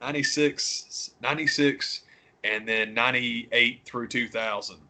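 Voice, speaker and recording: Man, podcast co-host, bright forceful voice, casual rambling chat, animated. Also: a little slow. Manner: animated, swears freely, mimics others in high squawky voices.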